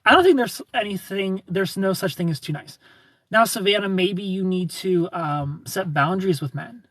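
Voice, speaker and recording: Male livestream host, slightly raised pitch, breathy husky tone, chatty and blunt with viewers. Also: normal speed, fairly bright tone, no echo. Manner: chatty, gives frank relationship advice to viewers by name. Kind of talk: casual livestream chat.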